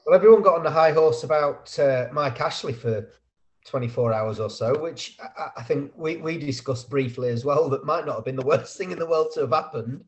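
A man hosts a relaxed chat from home over a video call. His voice sits a little high, and he talks in a chatty way, laughing often. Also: brisk. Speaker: podcast host. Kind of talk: casual chat.

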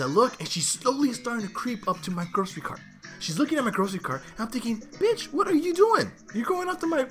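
A man's voice: fairly high pitch, pushed and bright. A man hosting a show, telling a story in a loose, rambling way with restarts and side remarks. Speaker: show host. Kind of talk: casual storytelling monologue.

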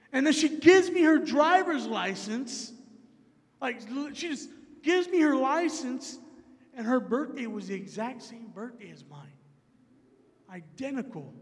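A male preacher telling a story in his sermon, acting out both sides of the conversation with animated energy. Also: extremely high pitch, in a large hall.

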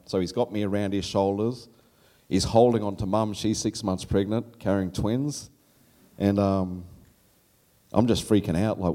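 A middle-aged Australian man telling a personal story on stage at a live storytelling event, animated and laughing as he goes, his voice leaping up when he quotes his younger self. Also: fairly low pitch, normal speed, long pauses.

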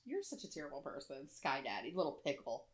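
A woman chatting casually as a podcast co-host, an animated storyteller who laughs often and acts out what people said. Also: fast. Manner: acts out quotes in big high voices. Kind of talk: casual chat.

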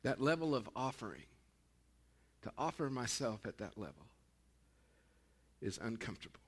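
A man preaching a sermon as pastor in a small church, folksy and animated, with laughing asides. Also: mid-range voice, normal speed, husky.

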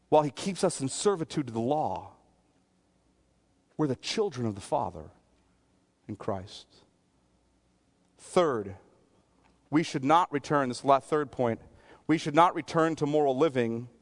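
A man preaching a sermon as a pastor, earnest, sometimes dropping to a soft near-whisper and sometimes pleading. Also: on the high side.

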